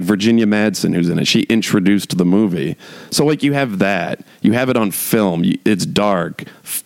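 Low gravelly man, rambling casual chat. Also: dry recording. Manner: rambling, heavy use of "like", frequent restarts; wry, chuckling asides.

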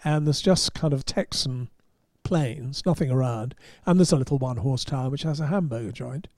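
A man, a podcast host and motoring journalist, telling an anecdote in an animated way and chuckling at his own punchlines. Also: medium pitch, normal speed, no echo, studio quality. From England. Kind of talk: anecdotal storytelling.

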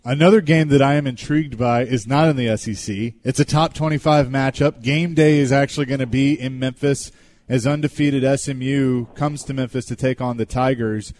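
A man's voice: medium pitch, steady tone, moderate pace, darkish tone. Male radio co-host, curious, moves the talk to the next topic. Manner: inquisitive, sets up topics.

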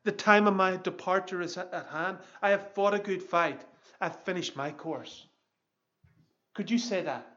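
A man's voice: high voice, measured pace, pushed and bright, highs cut off. A pastor in his fifties preaching an earnest, emphatic sermon. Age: 50s.

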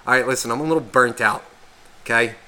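A man's voice: mid-range voice, quick pace, pushed and bright. A man co-hosting a podcast, telling a rambling story in casual chat full of swearing. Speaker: podcast co-host.

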